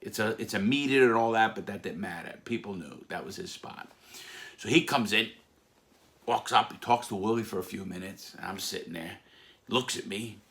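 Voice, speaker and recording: A man telling stories from his past in a casual, animated way, acting out other people's voices with sudden loud outbursts. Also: on the low side, moderate pace, gravelly. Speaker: former mob associate telling stories. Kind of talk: casual storytelling.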